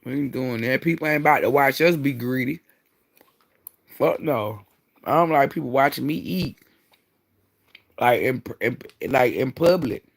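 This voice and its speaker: A man's voice: mid-range voice, unhurried, vocal fry, long pauses. Blunt, profane man on a livestream. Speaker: livestream host. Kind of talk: casual livestream chat.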